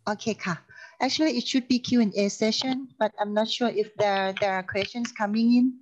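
A woman's voice: on the high side, steady tone, normal speed, lo-fi sound. A woman organizing a session, speaking briefly and politely over an online call.

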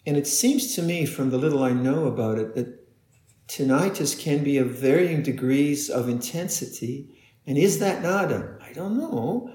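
A man's voice: medium pitch, lively intonation. Guy giving a meditation talk, stop-start, repeats himself a lot, echoey room. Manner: halting, repeats words, soft laughs. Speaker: meditation teacher. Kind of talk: dharma talk answering questions.

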